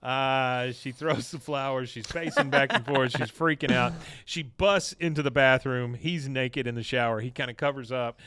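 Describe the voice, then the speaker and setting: A man co-hosting a podcast, casually recapping a cartoon episode with loose, rambling talk and quick character voices. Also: medium pitch, a bit bright, clean tone. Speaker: podcast co-host.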